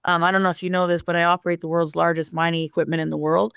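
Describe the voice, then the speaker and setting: A woman co-hosting a podcast, telling stories in a lively way with many restarts. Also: lowish voice, rapid-fire, gravelly, clear, resonant tone, no echo, studio quality. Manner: animated storyteller, frequent restarts. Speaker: podcast co-host. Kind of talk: casual conversation.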